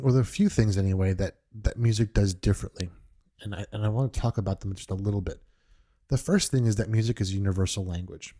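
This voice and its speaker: Podcast host, male, from New York, earnest and reflective, mellow and lowish, unscripted monologue. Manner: earnest, reflective, with frequent restarts.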